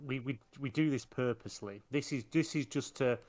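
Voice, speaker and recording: A man's voice: medium pitch, fairly quick, a little mellow. A man from Britain co-hosting a gaming podcast, joking and teasing in casual chat. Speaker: podcast co-host. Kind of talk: casual banter.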